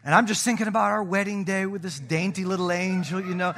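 Animated, bright-voiced male pastor preaching. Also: high voice, a little fast, few pauses. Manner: animated, jokey, swings from loud shouting to soft asides. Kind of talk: sermon.

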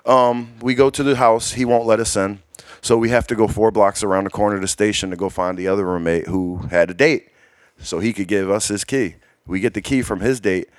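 Lower-voiced man telling a loose, profane story. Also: fairly even intonation, fairly quick, no room sound, clean studio sound. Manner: loose, profane, laughing as he tells a wild night out. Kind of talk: casual storytelling chat.

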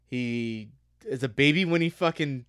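On a dry podcast recording, a young American co-host launches into a casual, profanity-laden rant, heated and full of constant swearing. His mid-range voice is smooth and a bit bright, and he speaks a little slowly.

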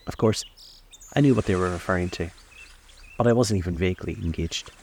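A man reading a novel aloud in a calm, measured way, recorded outdoors on a lakeside deck. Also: sits low, gravelly, breathy edge. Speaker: storyteller.

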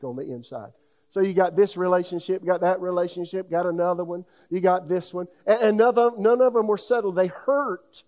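A man's voice: fairly high pitch, dark tone. A middle-aged man preaching a sermon in a folksy, conversational way, full of asides. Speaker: pastor.

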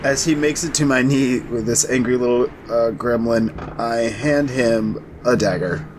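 A man with a lowish voice narrating his tabletop character slowly and haltingly. Background noise runs underneath. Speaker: player. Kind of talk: tabletop game play.

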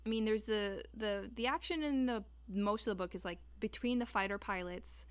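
A woman's voice: mid-range voice, normal speed, clean tone. A young adult woman co-hosting a podcast, chatting casually and rambling with many restarts. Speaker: podcast co-host. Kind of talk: casual chat.

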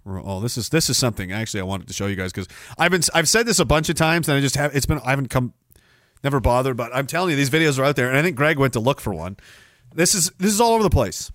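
A man from Canada hosting a podcast, ranting with sarcasm and scorn. His voice sits at an ordinary middle pitch, and it is recorded dry and close, with no room echo. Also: lively intonation, fast, a bit bright. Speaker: podcast host. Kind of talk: ranting livestream commentary.

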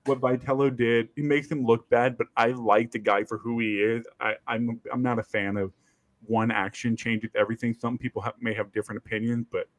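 Animated man telling a sports story. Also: medium pitch, a little fast, dry recording. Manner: animated storyteller, acts out quotes, swears casually. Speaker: podcast host. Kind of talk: casual sports talk.

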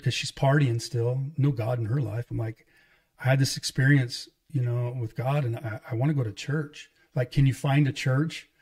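A middle-aged man, an evangelist, telling his life story in casual conversation, animated and acting out quoted dialogue. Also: medium pitch. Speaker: guest, evangelist and pastor.

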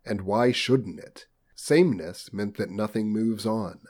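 A man's voice: lowish voice, a little slow, a little mellow. A man reading a novel aloud on a podcast in a mock-solemn, theatrical manner. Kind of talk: dramatic reading of a book on a comedy podcast.

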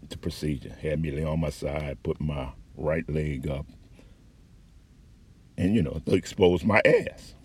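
A man giving a candid, profane personal account with halting restarts and frequent fillers. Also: low voice, breathy edge. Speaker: patient recounting an experience.

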